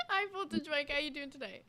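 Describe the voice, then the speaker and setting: A woman's voice: high-pitched, huge pitch swings, fairly quick, bright, forceful tone. A woman co-hosting a podcast in casual chat, stumbling a little as she reads aloud and apologizing. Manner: stumbles when reading, apologetic. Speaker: podcast co-host.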